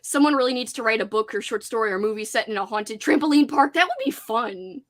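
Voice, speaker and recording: A woman hosting a casual livestream chat, telling an animated story with "like" in nearly every sentence. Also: on the high side, fast. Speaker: host.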